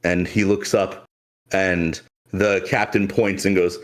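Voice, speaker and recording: A man's voice: low-pitched, flat delivery, takes it slowly. A man narrating a tabletop game as game master, in dramatic, descriptive fashion with some fillers.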